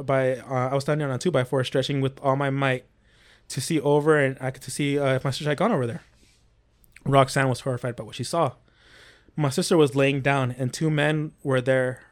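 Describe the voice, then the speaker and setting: Man reading eerie accounts aloud. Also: medium pitch. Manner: reads stories aloud with small slips and restarts. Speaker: podcast host reading paranormal accounts. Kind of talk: casual storytelling podcast.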